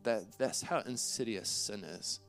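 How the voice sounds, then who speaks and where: A man's voice: fairly low pitch, unhurried, soft background music. A man preaching a sermon in an earnest, conversational way, reading scripture aloud and often restarting his phrases. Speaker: pastor.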